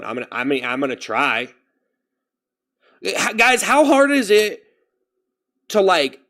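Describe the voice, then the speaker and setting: Dejected young man rambling on a livestream. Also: mid-range voice. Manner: dejected, rambling, repeats himself. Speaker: live streamer. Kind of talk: casual livestream chat.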